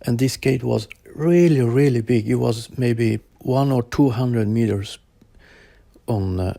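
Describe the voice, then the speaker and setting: Slow, gravelly man recounting a vision. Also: mid-range voice, mellow, no echo. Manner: slow, halting, searching for words. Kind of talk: personal account told to interviewer.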